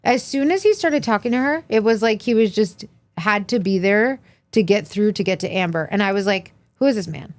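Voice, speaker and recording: Animated woman recapping reality TV, dry sound. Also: medium pitch, fairly quick, no room sound. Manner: animated, acts out quotes in many voices. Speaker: podcast co-host. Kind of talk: casual chat recapping reality TV.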